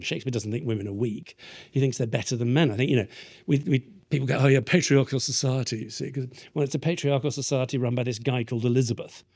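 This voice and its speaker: A British man leading an interactive teaching workshop, playful and animated, asking the audience questions and tapping out verse rhythms aloud. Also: medium pitch. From Britain. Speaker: workshop leader.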